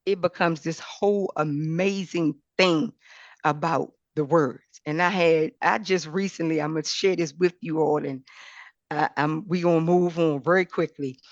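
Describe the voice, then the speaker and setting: A woman's voice: deep voice, steady tone, moderate pace, no echo, lo-fi sound. A woman speaking as a podcast guest, emphatic and preacherly, repeating her points with rising and falling emphasis. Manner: emphatic, repeats words, preacherly rise and fall. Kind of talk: impassioned talk.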